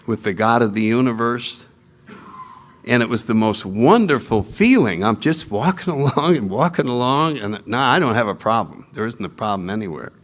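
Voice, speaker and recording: A man speaking at a recovery retreat, telling a story in an animated way, laughing at his own jokes and acting out voices. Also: mid-range voice, normal speed. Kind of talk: storytelling talk.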